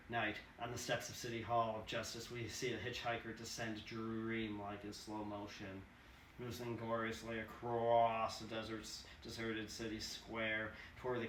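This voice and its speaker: Male reader, screenplay read-through, offhand asides, middle pitch, far-off roomy recording. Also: a bit bright. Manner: casual asides, swearing. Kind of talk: screenplay reading. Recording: roomy, distant mic, faint hiss.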